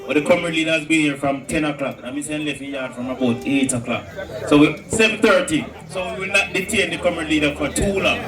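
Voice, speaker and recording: A Jamaican man emcees an outdoor political rally in a high, rousing voice. He shouts greetings into a PA system, and the sound comes from a distance, echoing, with music playing under him. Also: brisk. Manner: rousing, shouted call-outs.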